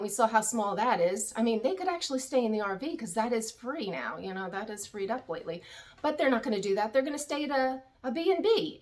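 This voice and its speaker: Chatty opinionated woman recapping TV. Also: a little high. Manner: candid, opinionated, chatty asides. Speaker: reality TV recap YouTuber. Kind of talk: casual chat.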